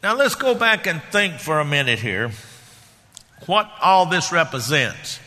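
A man preaching in a folksy, conversational manner, his voice bright and forceful. He sits slightly high for a man, and a long reverb from the church hall trails his words. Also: expressive, measured pace. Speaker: pastor. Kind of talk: sermon.

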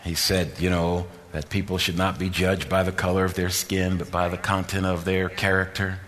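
A man preaching a sermon as a pastor, moving from soft, halting talk to loud, rising preaching. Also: low voice, little pitch movement. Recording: long hall reverb.

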